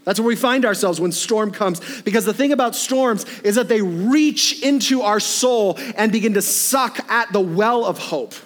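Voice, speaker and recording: A man preaching a sermon in a conversational, animated way, with frequent asides and tag questions to his listeners. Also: high-pitched, moderate pace, hardly any pauses.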